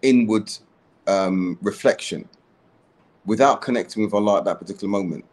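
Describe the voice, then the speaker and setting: A man hosting a podcast, reflecting on faith in a measured, deliberate way. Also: fairly low pitch, a little mellow. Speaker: podcast host. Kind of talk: reflective religious discussion.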